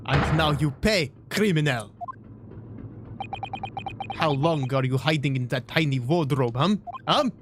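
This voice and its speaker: A woman putting on a gruff Russian sailor. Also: low-pitched, animated, a little slow, pauses often, noisy background. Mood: menacing. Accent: mock Russian. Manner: threatening, drops articles.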